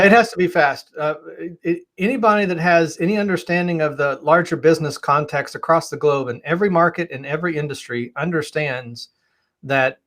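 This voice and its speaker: A man's voice: fairly high pitch, fairly bright tone. A man on a webinar panel giving emphatic, persuasive answers about agile leadership, often repeating words as he starts a thought.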